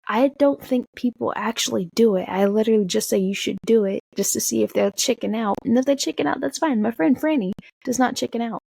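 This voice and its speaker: A young woman from the Tacoma area telling an animated storytime, swearing and acting out quotes. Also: on the high side, fast, creaky, breathy edge, no room sound. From Tacoma area, USA. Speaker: vlogger. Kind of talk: casual storytime.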